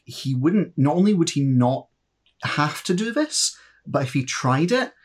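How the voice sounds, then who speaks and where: Sweary man ranting. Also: mid-range voice. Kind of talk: casual political chat.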